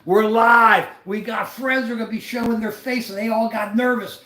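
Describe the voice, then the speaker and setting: A man's voice: normal speed, roomy sound. An American man hosting a casual livestream, rambling and laughing as he talks. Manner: animated, rambling, laughing, mimics friends in high voices. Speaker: livestream host.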